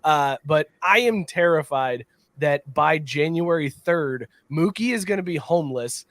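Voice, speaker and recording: A man co-hosting a sports podcast, talking in a rambling, animated way and laughing loudly. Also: on the high side, a little slow, no echo. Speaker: podcast co-host. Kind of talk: casual sports chat.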